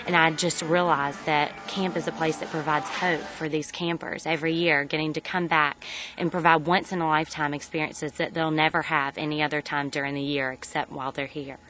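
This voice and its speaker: Woman, very low voice, earnest camp staffer, faint noise. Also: little pitch movement, brisk, fairly bright tone. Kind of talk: interview answer about the camp.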